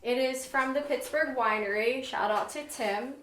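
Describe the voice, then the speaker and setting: A woman's voice: high-pitched, moderate pace, fairly bright tone, slight background noise. A woman chatting on a podcast in an upbeat, encouraging and playful way. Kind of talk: casual conversation. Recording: roomy echo.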